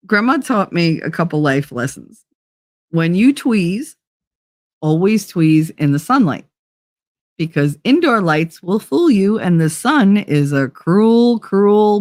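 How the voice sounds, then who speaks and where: A woman's voice: on the low side, no room sound, clean studio sound. A woman hosting a casual chat show, telling stories bluntly with frequent swearing and laughter. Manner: blunt, profane, laughs often. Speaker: host.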